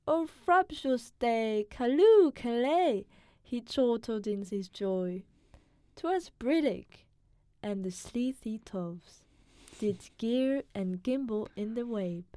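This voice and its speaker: Slow-talking mellow-voiced woman. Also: a little high, lively intonation, dry recording, clean studio sound. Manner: measured, self-deprecating, laughs easily. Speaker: podcast co-host. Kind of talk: poetry reading and casual chat.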